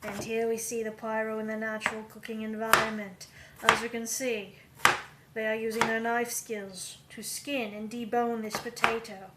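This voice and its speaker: A woman putting on a mock Australian accent, playing an excitable outback wildlife documentary presenter narrating in a hushed, mock-reverent way. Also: fairly high pitch, normal speed, very noisy, close to an everyday voice. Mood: mock-awed. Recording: echoey kitchen with clattering dishes.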